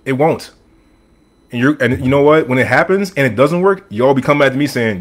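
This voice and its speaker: A man hosts a podcast on his own and riffs on sports. He is animated and opinionated, with a middle-pitched voice, and he talks straight to his audience. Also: a little fast, husky. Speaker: podcast host. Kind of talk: casual sports talk monologue. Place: room with a team flag on the wall.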